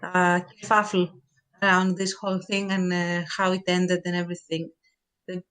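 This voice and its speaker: A woman's voice: fairly low pitch, level tone, normal speed, fairly bright tone, poor audio. A woman co-hosting a podcast, talking in a thoughtful, hedging casual way. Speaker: podcast co-host. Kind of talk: casual chat.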